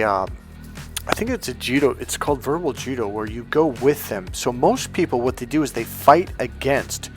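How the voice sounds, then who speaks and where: Blunt man coaching, faint music behind. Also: medium pitch. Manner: animated, acts out quoted people in raised voices; blunt, swears freely. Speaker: life coach. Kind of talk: casual storytelling monologue.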